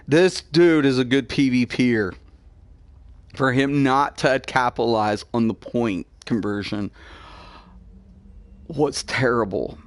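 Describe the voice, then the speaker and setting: A man's voice: medium pitch, no echo. A man hosting a gaming channel, giving live gameplay commentary and swearing constantly at his teammates. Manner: shouting in rage.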